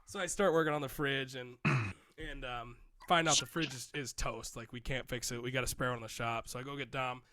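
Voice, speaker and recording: A man's voice: mid-range voice, a little fast, dry recording. Man in his thirties telling a rambling story. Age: 30s. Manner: rambling, animated, acts out quotes. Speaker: podcast co-host. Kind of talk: casual storytelling.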